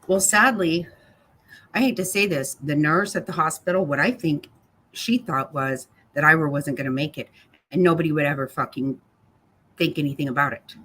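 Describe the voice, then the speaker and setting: This livestream host's voice sits low, fairly bright with a breathy edge, at a moderate pace. Reading chat aloud, she responds to viewers by name in a blunt, angry manner, cursing without restraint.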